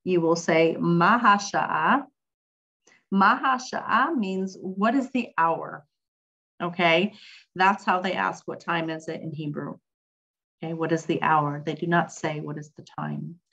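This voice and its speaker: Lower-voiced woman teaching over a live chat. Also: steady tone, a little slow, fairly bright tone, dull audio. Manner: chatty, reads chat aloud, frequent ums. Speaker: Hebrew teacher. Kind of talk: casual online lesson.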